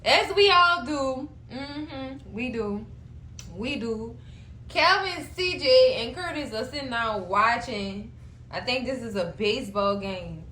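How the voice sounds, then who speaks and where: A woman recapping a TV episode in a sassy, animated way, addressing her viewers as cousins. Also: a little high, slow, echoey room, a little hiss or hum, rough recording. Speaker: show recap host. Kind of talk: casual recap commentary.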